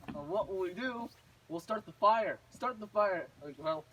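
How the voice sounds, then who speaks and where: A man's voice: high voice, expressive, fairly quick, a bit bright, distant mic, a little hiss or hum, poor audio. A man voicing a hungry, scheming old witch in a blunt, impatient way, in a casual storybook retelling.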